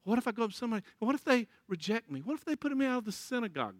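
A man's voice: very high voice, big pitch swings, racing, dry recording. A man preaching a folksy sermon, telling stories and laughing often. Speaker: pastor.

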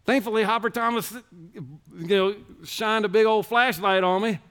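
A man with a somewhat high voice delivers a personal testimony sermon. He talks in loose, self-interrupting phrases, circling back as he tells his story. He earnestly urges the congregation to open their hearts. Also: normal speed, fairly bright tone, clear, resonant tone. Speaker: church speaker.

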